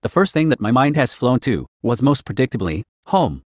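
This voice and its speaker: Even-voiced man reading a story. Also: medium pitch, normal speed, dry recording, studio quality. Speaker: narrator. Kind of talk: reading fan fiction aloud.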